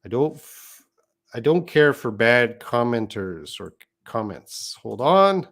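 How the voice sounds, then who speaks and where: A man's voice: mid-range voice, animated, slow, fairly bright tone. A man teaching an English lesson on a live stream, reading out viewer comments and explaining patiently.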